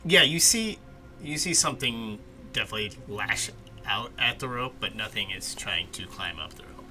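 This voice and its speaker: A man narrating as game master of a tabletop game, pausing often with fillers as he describes the scene. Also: on the low side, lively intonation. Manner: hesitant, many fillers.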